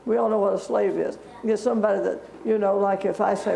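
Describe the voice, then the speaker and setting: A woman's voice: medium pitch, steady tone, quick pace, creaky, warm tone. A woman teaching a Bible story to children in a church, chatty and asking them questions. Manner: conversational, asks the children questions. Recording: echoey church room.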